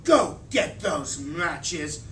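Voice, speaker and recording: A man reading aloud, voicing an angry mother who hisses low, clipped commands. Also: sing-song, very slow, a bit bright, exaggerated voice. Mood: stern. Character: furious mother, hissing low and stern. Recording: roomy, from a distance, faint hiss.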